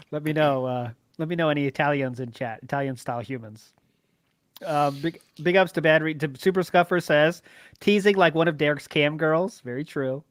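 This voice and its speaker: A man hosts a relaxed livestream podcast and reads out chat messages and tips. He laughs easily and rambles a little. His voice is dry and close to the mic. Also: a little high, normal speed, dry recording. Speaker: host.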